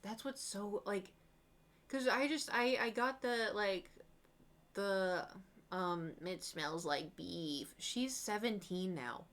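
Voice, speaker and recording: A young woman streamer with a medium-pitched voice chats casually while painting, taking her time. She tells rambling, animated stories and acts out her past reactions, quoting herself with exclamations.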